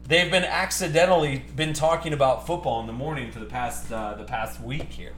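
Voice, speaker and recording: A man's voice: medium pitch, fairly bright tone, a little hiss or hum. A man hosting a live card break stream, ranting heatedly about sports media between card calls. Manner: ranting, heated, fast-shifting. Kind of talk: live stream chat while opening cards. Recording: echoey room with music behind.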